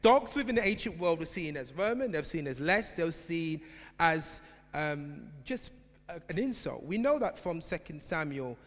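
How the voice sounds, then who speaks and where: A man preaching a sermon in a church, emphatic, swinging from shouted repetition to quiet asides. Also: on the high side, very animated, moderate pace. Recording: long hall reverb.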